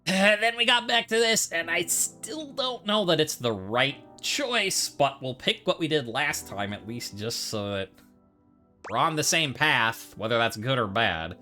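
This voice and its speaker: Brief: a playful male let's-play host, animated and bright. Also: fairly high pitch, a little slow. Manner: joking, playful, talks back to characters. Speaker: gameplay commentator. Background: faint game music.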